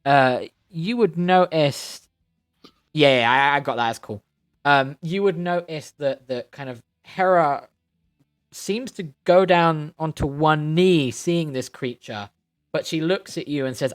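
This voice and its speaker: Game-master man, fairly high voice, descriptive, wordy narration. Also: takes it slowly, smooth, faint music behind. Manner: descriptive, searching for words.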